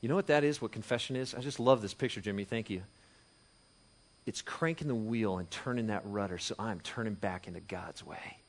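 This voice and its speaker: A man preaching a sermon as pastor, conversational and animated, moving from hushed to loud and emphatic. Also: lowish voice, fairly quick. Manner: conversational with frequent restarts and chuckles.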